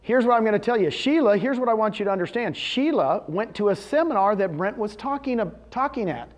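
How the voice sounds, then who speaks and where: A man giving a live seminar talk to real estate agents, telling success stories and firing questions at the audience. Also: high voice. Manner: animated, storytelling with quick questions to the audience. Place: meeting room with a live audience.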